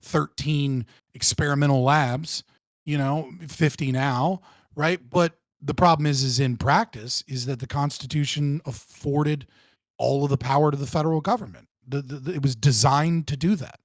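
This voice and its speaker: Fast-swearing man with a fairly high voice. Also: dry recording. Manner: animated and profane, restarts often. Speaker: guest. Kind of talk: casual political debate.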